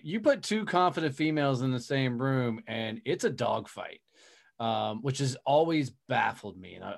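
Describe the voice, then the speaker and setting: A man's voice: mid-range voice, gravelly. A man hosting a podcast interview, talking casually and emphatically and swearing freely. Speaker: podcast host.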